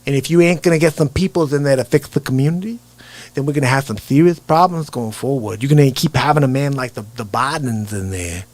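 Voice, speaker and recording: A man putting on a raspy, blunt, fed-up working-class man who lectures about politics. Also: mid-range voice, quick pace, natural voice. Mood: grumbling.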